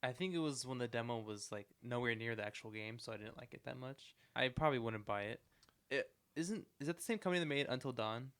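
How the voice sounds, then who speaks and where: A young man chats loosely as a podcast co-host, wandering through his points with plenty of fillers. His voice is smooth and clear, and it sits at an ordinary pitch for a man. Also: fast talker, a bit bright. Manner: rambling, lots of "like" fillers. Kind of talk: casual chat.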